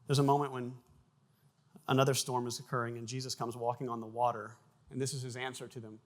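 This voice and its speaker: Male pastor, mid-range voice, relaxed conversational preaching. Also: mid-range voice, fast talker. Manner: conversational preaching with restarts, bursts of loud acted sound effects. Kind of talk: sermon.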